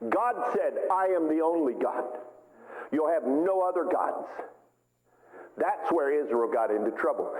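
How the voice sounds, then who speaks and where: A man's voice: sits high, roomy sound, big-room sound, low-quality recording. A man preaching a sermon as pastor, with sweeping, emphatic rises in his delivery. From United States.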